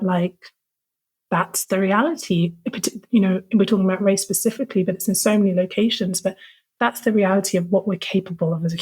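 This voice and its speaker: A woman with a husky, slightly breathy voice at a middle pitch talks as a podcast guest. She tells a personal story in a loose, conversational way, full of "like" and frank, heartfelt phrasing. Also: darkish tone. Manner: casual, fillers of "like", frank and emotional.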